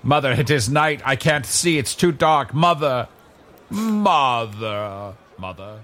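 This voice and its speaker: A man's voice: mid-range voice, expressive, takes it slowly, fairly bright tone. A man playing a hammy actor who declaims melodramatic monologues in an improv comedy scene. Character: hammy male actor doing dramatic monologues.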